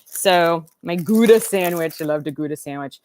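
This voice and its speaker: This doll-collecting livestream host, a woman in her 50s, chats casually and rambles while eating and reading viewer comments out loud. She speaks at a moderate pace with a fairly low pitch and a darkish tone.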